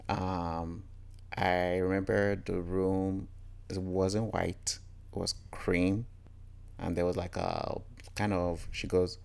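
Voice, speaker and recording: A Nigerian storyteller speaks slowly in a low, gravelly, slightly mellow voice with fairly even intonation. He shares reflective personal stories candidly and earnestly, often reporting what others said to him.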